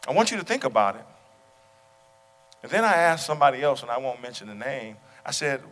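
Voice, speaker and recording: Male pastor, bright voice, sermon delivery that swells into loud calls, long church-hall reverb. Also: mid-range voice, lively intonation, fairly quick. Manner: preaching, builds to loud exclamations. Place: church sanctuary.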